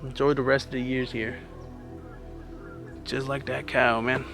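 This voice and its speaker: A man's voice: medium pitch, flat delivery, measured pace, gravelly, a bit bright, soft background music. A man giving earnest, casual motivational advice in a vlog, a little out of breath, talking like a friend and calling the listener "man". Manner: earnest, conversational, says "man" often. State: slightly out of breath. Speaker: vlogger.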